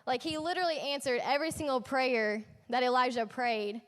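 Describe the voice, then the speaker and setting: A woman's voice: high voice, steady tone, a little fast, fairly bright tone. A young woman leading a youth ministry, preaching a casual sermon in a chatty, slangy storytelling way with playful asides. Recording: echoey hall.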